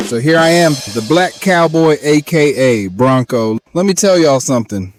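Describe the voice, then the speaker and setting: Laughing young cowboy comic, noisy background. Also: male voice, a little high, expressive, moderate pace, few pauses. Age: young adult. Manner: folksy cowboy talk, laughing through punchlines. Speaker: stand-up comedian. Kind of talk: comic stand-up monologue.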